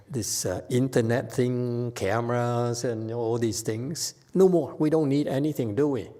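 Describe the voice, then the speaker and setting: A man with a low voice gives an unhurried Buddhist Dharma talk, speaking very slowly. His delivery is halting, with frequent restarts and a questioning "okay?" tagged onto his points. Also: a little mellow. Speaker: Buddhist teacher. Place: temple hall.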